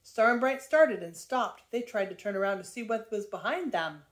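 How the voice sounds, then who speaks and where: An older woman, a grandmother, reading a children's book aloud in a lively, expressive way. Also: mid-range voice, moderate pace.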